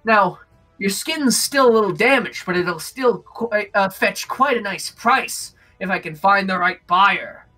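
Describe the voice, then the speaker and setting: A man's voice: high-pitched, animated, a little slow, pushed and bright, soft background music, exaggerated voice, poor audio. A man voicing a greedy, callous human man who sizes up a captive for sale. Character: greedy, callous human male skin trader.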